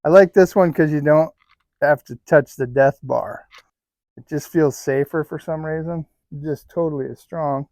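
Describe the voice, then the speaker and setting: A man casually demonstrating gear in a barn for a vlog, playful and quick to chuckle, sometimes squeaking like a rat. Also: darkish tone, dry recording. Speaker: YouTuber testing rat traps. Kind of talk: casual hands-on demo vlog.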